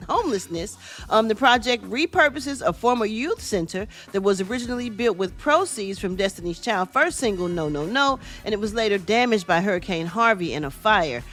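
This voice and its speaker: A woman's voice: medium pitch, a bit bright. A middle-aged woman hosting a casual radio entertainment news segment, chatty and sassy, calling listeners y'all and honey.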